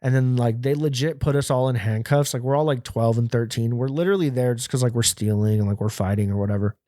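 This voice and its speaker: A man's voice: medium pitch, fast, warm tone, no room sound, studio quality. Profane, rambling man telling a story. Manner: rambling, heavily profane, laughing. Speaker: podcast host. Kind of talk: casual storytelling.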